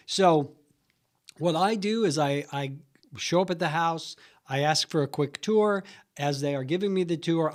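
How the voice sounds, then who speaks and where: A man with a slightly high voice gives a real estate training session, talking casually and directly to his trainees. He acts out friendly phone calls, switching between his own voice and the seller's replies. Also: darkish tone. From Huntsville, Alabama area. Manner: conversational, role-plays phone calls. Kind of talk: training talk.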